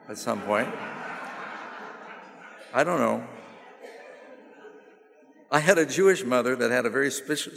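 A man preaching a sermon in a big reverberant hall, his voice trailing off into a long echo. He tells stories with a wry, humorous touch and then builds up to emphatic, animated preaching. His pitch sits in an ordinary middle range. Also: creaky. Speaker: pastor.

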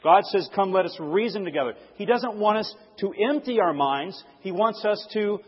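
A man preaching a sermon to a live audience, asking the crowd to fill in words and swinging from loud stresses to hushed asides. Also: high voice, lively intonation, moderate pace, breathy edge. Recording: dull, echoey hall recording.

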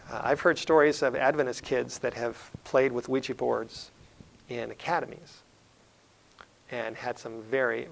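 Middle-aged male preacher, gravelly mid-pitched voice, earnest storytelling sermon delivery. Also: poor audio. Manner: earnest storytelling with frequent fillers and restarts. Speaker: evangelist speaker. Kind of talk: sermon-style lecture.

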